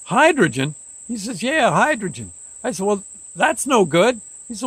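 An older man telling a long story in a halting, rambling way, acting out the dialogue as he goes. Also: high voice, very animated, fairly bright tone, slightly rough, no echo. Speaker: host. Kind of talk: casual storytelling.

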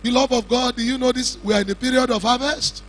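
A man with a Nigerian Yoruba-speaking accent preaching a funeral sermon in a cathedral, slow and emphatic, with shouted lines and questions he puts to the congregation. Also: extremely high pitch, fairly even intonation, rough recording. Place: large cathedral.

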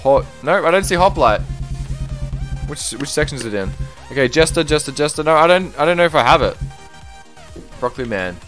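Young male streamer, fairly high voice, chatty and excitable, faint music under the commentary. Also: fairly quick, long pauses. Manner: chatty, reads viewer comments aloud, excitable exclamations. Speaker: streamer playing a game. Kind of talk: live-stream gameplay commentary.

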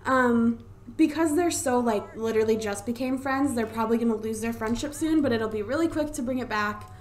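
A woman's voice: fairly high pitch, brisk, slight background noise. Chatty young woman gaming commentary. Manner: chatty, excitable, swears casually. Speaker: let's play gamer. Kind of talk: casual gameplay commentary. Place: home room. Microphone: desktop USB microphone.

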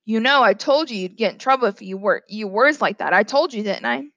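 A woman's voice: fairly high pitch, a little fast, fairly bright tone, dry recording, lo-fi sound. A woman reading aloud as a firm uncle lecturing a child.

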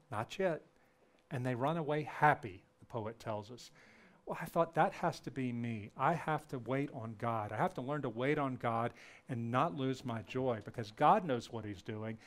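Male lecturer, mid-range voice, earnest personal storyteller who acts out bits of dialogue. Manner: earnest, retells dialogue with lively shifts in pitch. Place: lecture event before an audience.

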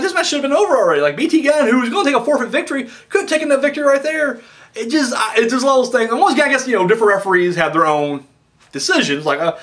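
In a slightly high voice, a young man delivers a loose, excited spoken review of a wrestling show, full of swearing and frequent self-corrections.

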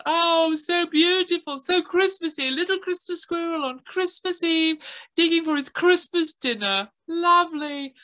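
A woman voicing an excited young girl who gushes and wails dramatically in a told story. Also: very high voice, measured pace, voice pushed up, exaggerated voice. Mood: delighted. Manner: breathless, squealing, melodramatic.

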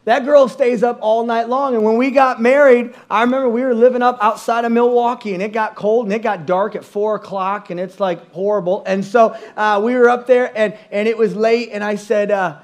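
A middle-aged male pastor with a high, light voice, preaching from a church stage. He tells comic stories about himself, jumps into little voices and sound effects, and pokes fun at his own habits. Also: moderate pace, hardly any pauses. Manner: animated, self-mocking, acts out voices and sounds. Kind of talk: storytelling sermon.

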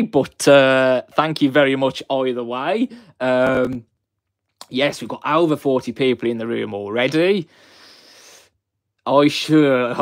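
A young man from the West Midlands with a Black Country accent, hosting a live stream and chatting warmly with viewers, greeting them by name. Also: medium pitch, no room sound, clean studio sound. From West Midlands, England.

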